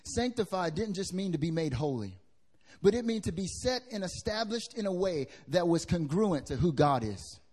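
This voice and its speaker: High-voiced lively male preacher. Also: normal speed, breathy edge. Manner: lively preaching with wide swings in pitch and loudness, casual slang. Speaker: pastor. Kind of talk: sermon. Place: church hall with congregation.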